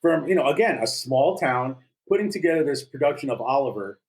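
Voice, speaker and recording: A man's voice: medium pitch, lively intonation, a little fast, a little mellow, low-quality recording. Joking North Dakota man telling stories. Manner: jokey, self-deprecating storyteller. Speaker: podcast co-host. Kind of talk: casual chat.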